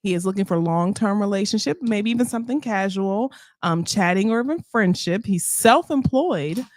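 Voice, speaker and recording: A woman's voice: medium pitch, normal speed, dry recording, clean studio sound. A woman co-hosting a podcast, reading dating profiles aloud in casual chat and laughing often. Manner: laughs often, reads in a flat listing way. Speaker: podcast co-host.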